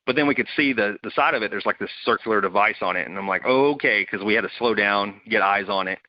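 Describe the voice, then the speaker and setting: A man's voice: on the low side, fast. A man, a Marine veteran, telling a story casually and acting out the quoted voices of his buddies. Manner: animated, acts out quoted voices. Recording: dull, dry close recording.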